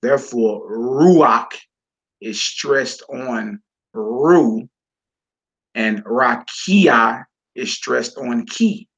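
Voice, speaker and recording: A man's voice: mid-range voice, very slow, vocal fry, husky. A man teaching a class from a Hebrew textbook, reading passages aloud and explaining them with casual, folksy asides to the listeners.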